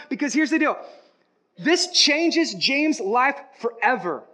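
A man preaching a sermon, swinging between hushed, slow passages and loud, rising declarations. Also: very high-pitched, sing-song. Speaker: pastor.

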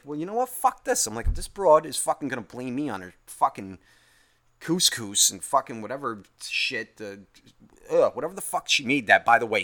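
Man, casual storytelling rant, heavy swearing, bright tense voice, lively pitch swings, exasperated. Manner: profane, animated, exasperated, swings from muttering to near-yelling. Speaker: podcast host telling a work story.

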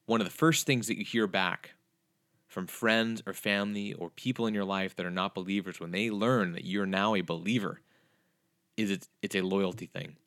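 Low-voiced man teaching scripture earnestly. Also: fairly even intonation, moderate pace, a bit bright, dry recording, studio quality. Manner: earnest, repetitive emphatic phrasing. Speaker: podcast Bible teacher. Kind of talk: podcast Bible teaching.

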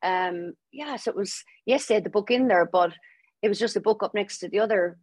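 A young adult Irish woman telling her story as a podcast guest, lively and laughing as she acts out what people said. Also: medium pitch, a little fast, breathy edge, no room sound. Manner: lively, laughing storyteller acting out quoted voices. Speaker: guest author. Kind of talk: storytelling interview.

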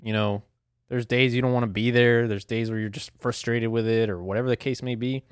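A man's voice: mid-range voice, steady tone, a little fast, clear, resonant tone, dry recording. A young man talks straight into a close podcast mic, and the sound is dry with almost no room. His solo rant is casual and full of swearing. He rambles from point to point and laughs at himself along the way. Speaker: podcast host.

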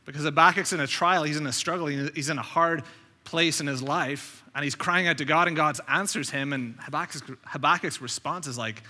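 A man's voice: on the high side, pushed and bright. A man preaching as a visiting pastor, talking conversationally and telling stories, often repeating words. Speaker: guest preacher. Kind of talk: sermon. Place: church sanctuary. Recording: church sanctuary with long reverb.

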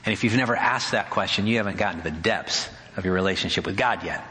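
Man, pastor, sermon, conversational, wry humor, bright tone, church hall echo. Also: low-pitched, fast, slight background noise. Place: church sanctuary. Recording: hall reverb.

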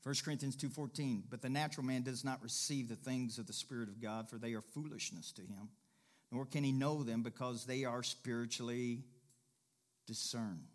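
A man preaching to his congregation in a mid-pitched voice. He talks in a folksy, easygoing way, repeats his key points and climbs into loud, emphatic bursts. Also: fairly even intonation, moderate pace. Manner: folksy, jokes with the congregation and laughs. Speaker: pastor. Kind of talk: sermon.

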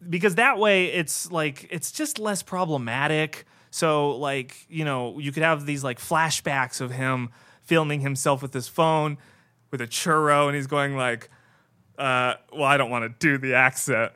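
Male comedy podcaster, dry rambling delivery, bright voice, somewhat high. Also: measured pace, clean tone. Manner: rambling with many fillers and restarts. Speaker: podcast co-host. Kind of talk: deadpan comedic riffing.

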